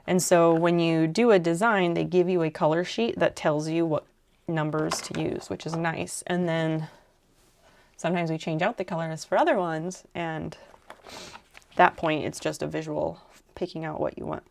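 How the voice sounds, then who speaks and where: Lady craft streamer chatting w/ viewers, kinda gravelly fry, just rambling while she works. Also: low voice, steady tone, normal speed. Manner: chatty, muses aloud and answers viewer chat. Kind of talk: casual live-stream chat while crafting.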